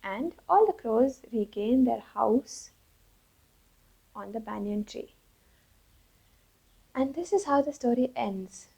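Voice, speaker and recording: A woman with a raised pitch and a husky, gravelly texture tells a fable in a lively way. Her tone is warm and mellow, and she shifts her voice for each character in the tale. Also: slow pace, long pauses, low-quality recording. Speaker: storyteller. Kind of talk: storytelling for children.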